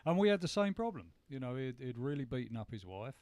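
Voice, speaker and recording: Hesitant British man, smooth voice. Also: medium pitch, very animated, quick pace, darkish tone, dry recording. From United Kingdom. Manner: hesitant, many fillers, frequent yeahs. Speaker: radio co-host. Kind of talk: radio talk show chat.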